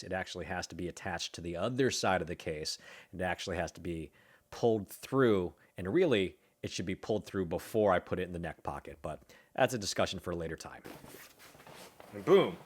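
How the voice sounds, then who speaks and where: A man, a comedian, casually narrating his own vlog, muttering and joking at himself while he fiddles with gear in a hotel room. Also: deep voice. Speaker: comedian and vlogger.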